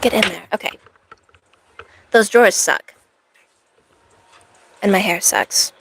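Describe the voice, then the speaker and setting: Brief: woman streamer, in-character cosplay chat, sarcastic rambling banter, vocal fry. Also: mid-range voice, slow pace, a bit bright, no room sound.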